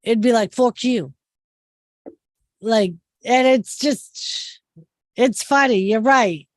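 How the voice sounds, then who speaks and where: A woman's voice: fairly high pitch, slow, dry recording. A woman from Massachusetts with a Massachusetts accent, chatting casually and telling stories, full of "like". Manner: chatty storyteller, frequent "like". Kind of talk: casual chat.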